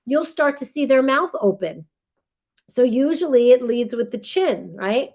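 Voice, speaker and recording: A woman's voice: on the high side, lively intonation, unhurried, darkish tone. A woman teaching a baby care class, explaining step by step and checking in with her listeners through frequent tag questions as she demonstrates. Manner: demonstrates holds while talking.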